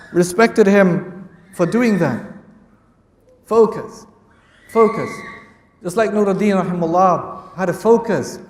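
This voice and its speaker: A male lecturer telling Islamic historical stories, repeating key phrases for emphasis and mixing Arabic quotes with English. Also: high voice. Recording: echoey hall from far off.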